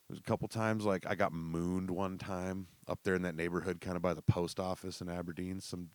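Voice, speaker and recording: A young man telling casual, profane stories that ramble along, with laughter and quick bursts. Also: sits low, darkish tone, no echo. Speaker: storyteller. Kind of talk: casual storytelling.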